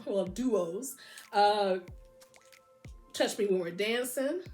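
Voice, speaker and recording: A middle-aged woman casually showing off her vinyl singles, enthusiastic and gushing, now and then singing a line along. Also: medium pitch. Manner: enthusiastic, gushing, breaks into short sung snippets. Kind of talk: casual record show-and-tell.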